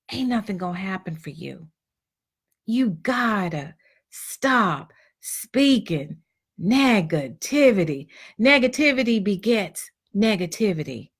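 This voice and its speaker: Slow, blunt woman motivational speaker. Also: fairly high pitch, a bit bright. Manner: blunt, preachy, acts out quoted complaints. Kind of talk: motivational talk to women.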